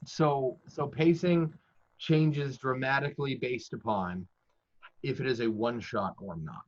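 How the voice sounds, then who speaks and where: Guest, male, professional game master; relaxed self-deprecating talker, breathy edge, lo-fi recording. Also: mid-range voice, unhurried. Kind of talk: casual advice-giving conversation. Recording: dull lo-fi audio.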